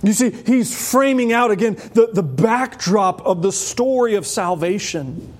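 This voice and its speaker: A man with a high tenor voice preaching an expository sermon, animated and acting out voices. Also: a little slow.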